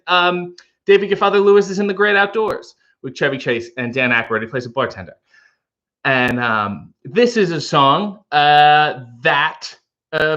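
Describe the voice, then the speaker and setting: A man's voice: a little high, sharp tone. Wry man chatting in lo-fi sound. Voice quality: playful, wry asides. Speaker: livestream host reading chat. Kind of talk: casual livestream chat.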